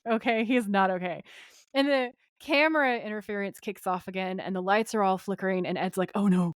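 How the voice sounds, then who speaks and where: A woman talks through a TV episode in casual podcast chat, now and then acting out the characters' lines. Her voice sits at a middle pitch. The recording is dry and close, with no room sound. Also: brisk, clear, resonant tone, no room sound. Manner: animated retelling, acting out quoted lines. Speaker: podcast co-host.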